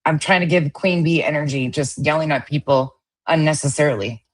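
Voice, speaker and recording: A woman's voice: low voice, fairly quick. A woman hosting a casual commentary show, reacting to stream clips in a sarcastic, profane and mocking way. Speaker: host.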